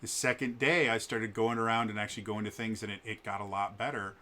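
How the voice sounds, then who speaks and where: A man's voice: lowish voice, level tone, fast talker, sharp tone. A man in his thirties telling a personal story in a casual, hesitant way, with frequent stammers and restarts. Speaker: vlogger.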